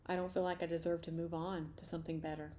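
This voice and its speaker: A woman guides a tapping session, voicing slow, repetitive first-person statements. Her voice sits low and mellow, with a faint hiss behind it. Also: little pitch movement. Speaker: tapping practitioner. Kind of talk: guided EFT tapping script.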